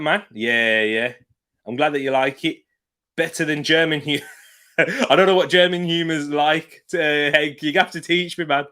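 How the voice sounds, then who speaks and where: A man's voice: a little high, pushed and bright. A man with a British accent hosting a live football watch-along stream, chatting casually, laughing often and reading out viewer comments while sitting back from his desk mic. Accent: British English. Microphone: desk mic, sits back from it.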